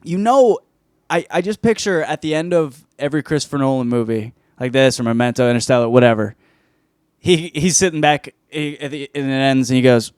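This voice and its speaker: A man's voice: mid-range voice, brisk, smooth, dry recording, studio quality. A man hosting a podcast, reviewing a film in casual, rambling chat full of swearing and restarts. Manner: rambling, profane, self-interrupting. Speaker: podcast host.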